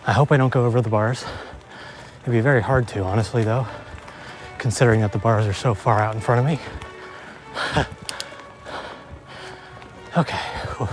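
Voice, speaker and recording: A young man vlogs while mountain biking on forest trails, breathless and swearing as he jokes about his own lack of skill. His mid-range voice comes at normal speed with frequent pauses, narrated casually over music.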